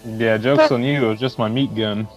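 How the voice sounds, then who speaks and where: A man's voice: medium pitch, steady tone, moderate pace, faint music behind. A man co-hosting a casual movie podcast, wry and sarcastic in his quips. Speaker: podcast co-host. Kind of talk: casual movie chat over beer.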